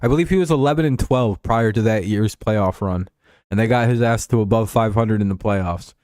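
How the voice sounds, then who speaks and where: A man's voice: fairly low pitch, a little fast, a little mellow, no echo. Man, casual livestream sports talk, rambling, profane, chuckling, dry close sound. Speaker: streamer.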